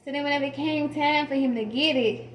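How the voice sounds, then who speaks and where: Frank, foul-mouthed woman vlogger with a higher voice, telling a story in an echoey room. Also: a little fast, a little hiss or hum. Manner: frank and profane, laughs often. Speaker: music artist telling a personal story. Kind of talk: casual storytelling to camera. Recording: roomy echo.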